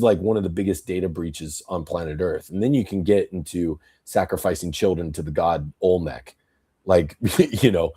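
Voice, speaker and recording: Low, dark-voiced man ranting bluntly. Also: breathy edge. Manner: blunt, profane, rambling political rant; tells stories with acted quotes. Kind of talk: casual podcast talk.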